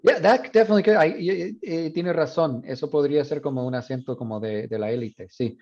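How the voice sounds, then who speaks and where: A man's voice: on the high side, fast talker, a little mellow, muffled recording. A man in his thirties teaching a university class, switching between Spanish and English with frequent restarts. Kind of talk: classroom lecture.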